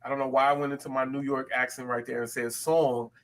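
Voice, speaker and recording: A man from the West Coast of the US co-hosting a podcast in casual chat, talking animatedly with quick self-aware asides. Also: medium pitch, level tone, a bit bright. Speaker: podcast co-host.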